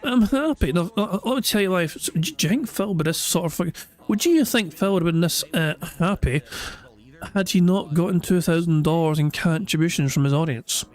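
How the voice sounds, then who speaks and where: A man's voice: on the high side, a little fast, soft background music. A man streaming commentary over a clip, mocking it in a sarcastic and profane way.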